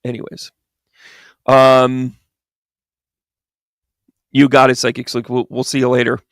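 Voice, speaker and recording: Male stream co-host, casual rambling commentary, sarcastic and digressive, gravelly voice. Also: mid-range voice, completely flat delivery, slow, dry recording, clean studio sound. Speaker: livestream co-host.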